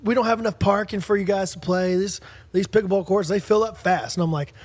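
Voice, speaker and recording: A man's voice: high-pitched, a little fast. A man co-hosting a podcast in casual chat, animatedly telling stories and acting out the dialogue. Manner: animated storyteller, acts out dialogue. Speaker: podcast co-host.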